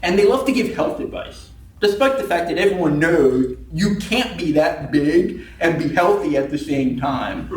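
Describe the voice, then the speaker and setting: A man's voice: fairly high pitch, expressive, moderate pace, few pauses, darkish tone. A man giving a humorous prepared speech at a speaking club, telling wry stories and acting out the people in them. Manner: wry storytelling, acts out quoted people. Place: meeting room. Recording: echoey room from far off.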